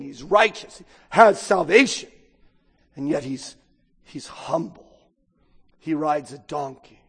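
An American man preaches a sermon as a pastor, keeping it conversational and joking while repeatedly asking the congregation "right?" His voice is fairly high-pitched with a breathy edge, and the recording has long hall reverb.

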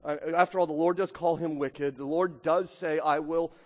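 A man's voice: on the high side, steady tone, normal speed, darkish tone. A man preaching a sermon as pastor, impassioned, building to emphatic peaks and acting out the excuses of his listeners. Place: church sanctuary. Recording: long reverb of a large hall.

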